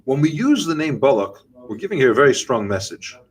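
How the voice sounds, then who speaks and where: A man teaching a Torah lesson with an animated style, asking questions and answering them himself. His voice sits in the middle range. He speaks directly to his listeners. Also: medium pitch, fairly quick, low-quality recording. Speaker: rabbi. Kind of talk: Torah class talk.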